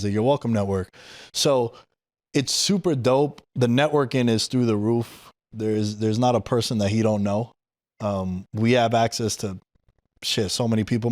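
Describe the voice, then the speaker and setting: Lively New York man telling a story. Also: lowish voice, no room sound, studio quality. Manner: animated, swears casually, slangy. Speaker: podcast host. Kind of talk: casual storytelling chat. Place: podcast studio.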